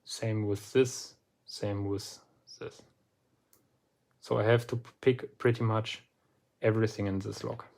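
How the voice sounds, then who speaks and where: Slow, deliberate man explaining a lock. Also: fairly low pitch, level tone, gravelly, a little mellow. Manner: slow and deliberate, pauses often between phrases. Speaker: lock picking hobbyist presenting a lock. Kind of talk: relaxed instructional walkthrough.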